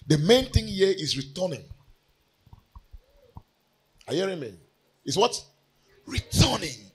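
Husky preacher man with dramatic swings. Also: high-pitched, very animated, unhurried, long pauses, poor audio. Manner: dramatic swings from loud cries to hushed lines. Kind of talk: sermon.

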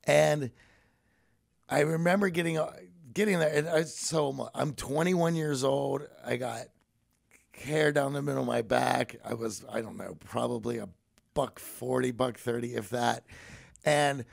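A man's voice: medium pitch, a little slow, vocal fry. A man in his forties from Pittsburgh, a podcast guest telling earnest, reflective stories about himself in a conversational way. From Pittsburgh, USA. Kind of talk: conversational storytelling.

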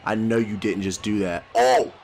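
Brash trash-talking gamer guy, gravelly. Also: on the low side, huge pitch swings, moderate pace, darkish tone, a little hiss or hum. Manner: brash, profane taunting with mock-tender asides. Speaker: gaming YouTuber. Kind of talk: let's play commentary with trash talk.

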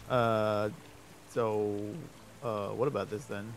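A man's voice: mid-range voice, normal speed, a little hiss or hum. A man streaming a video game, chatting casually and joking about voices and accents as he plays. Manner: chatty and joking, often laughing. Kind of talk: casual gameplay commentary. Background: faint game soundtrack.

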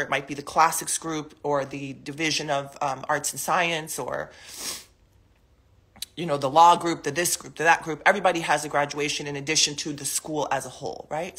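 Bright, husky-voiced woman, emotional. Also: low-pitched. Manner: emotional, defensive, rambling with many fillers. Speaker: mother addressing the public. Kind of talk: casual live video statement. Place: living room at home.

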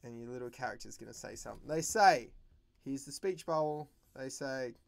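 A man hosting a drawing livestream for kids, talking in a playful, animated and jokey way as he teaches. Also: mid-range voice, fairly quick, creaky.

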